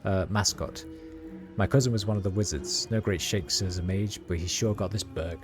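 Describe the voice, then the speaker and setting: A man with a very low voice reads a game's lines aloud in a relaxed, offhand way, dropping in ums and uhs as he goes. Music plays clearly behind him. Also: moderate pace. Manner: reads every part in his own plain voice, with fillers. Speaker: streamer reading a game aloud. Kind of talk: casual reading of game text and dialogue.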